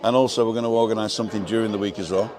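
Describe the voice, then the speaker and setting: A man's voice: lowish voice, steady tone, racing. An older man hosting a casual live stream from an outdoor bar terrace, rambling and joking as he reads viewer comments. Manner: chatty, rambling, jokey. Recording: outdoor crowd noise behind. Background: crowd chatter.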